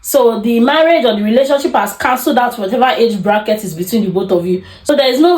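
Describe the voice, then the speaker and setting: Animated woman podcaster. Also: a little high, fast talker, few pauses. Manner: animated, acts out quoted arguments. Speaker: podcast host. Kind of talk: casual advice talk. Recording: echoey room.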